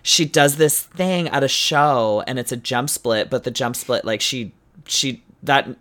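A podcast co-host in casual chat, chatty and quick to laugh. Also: medium pitch. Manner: chatty, animated, laughs often.

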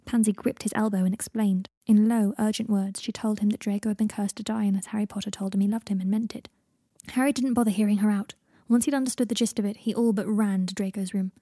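A woman narrating a fan fiction audiobook in a hushed, intimate way, often near a whisper. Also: mid-range voice, fairly even intonation, fast, breathy edge, no echo, clean studio sound.

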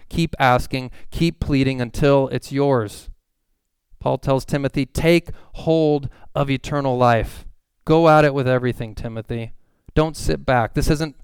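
Male pastor, sermon delivery, earnest, repeats key lines; smooth tone, mid pitch. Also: no echo. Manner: earnest, repeats phrases for emphasis.

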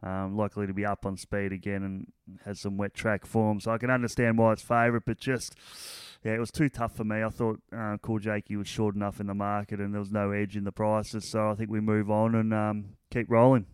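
A man analysing horse races in a relaxed, casual way, full of fillers. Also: lowish voice, fairly quick, clean tone, dry recording. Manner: relaxed, lots of fillers like "you know" and "um". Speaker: racing analyst.

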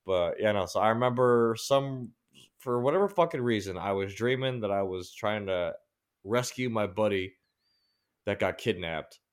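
A man's voice: fairly low pitch, expressive, moderate pace, clear, resonant tone. A man co-hosting a podcast, telling a long story in a rambling, profanity-heavy way. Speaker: podcast co-host. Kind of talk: casual chat.

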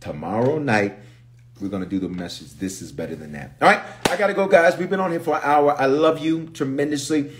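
A man, a pastor, chatting casually on a livestream and reading viewer comments aloud with lively energy. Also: medium pitch, brisk, background noise.

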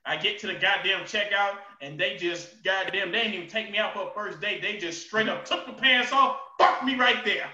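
A man with a very high, sharp voice rants profanely in a loose podcast chat. He breaks into shouts and bursts of laughter. The recording sounds distant and dull, with a roomy echo. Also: normal speed, few pauses. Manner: loud, profane ranting with shouted outbursts and laughter. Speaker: podcast co-host. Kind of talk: casual chat.

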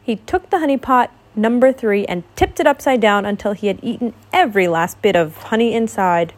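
A woman reading a picture book aloud to a child, gentle and expressive, pausing to ask questions. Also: a little high. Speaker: storybook reader.

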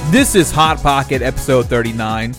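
A man's voice: medium pitch, lively intonation, normal speed, music in the background. A young man hosting a podcast in casual chat, enthusiastic and playful, with plenty of banter. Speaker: podcast host.

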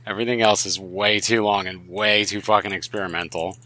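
A man's voice: low-pitched, steady tone, brisk, bright, forceful tone. A man co-hosting a podcast, joking crudely and swearing in casual chat. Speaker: podcast co-host.

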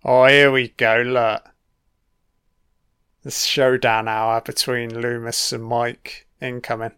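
A man's voice: mid-range voice, flat delivery, slow, a bit bright, clean tone, no room sound, clean studio sound. A British man giving an audio commentary over a film, swearing constantly and heckling the characters on screen.

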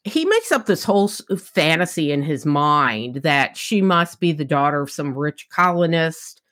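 A woman with a fairly low voice recaps a novel for a book podcast. She talks casually and animatedly, slipping into the characters' lines, and is blunt and profane. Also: moderate pace. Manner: animated retelling, acts out quotes, candid and profane.

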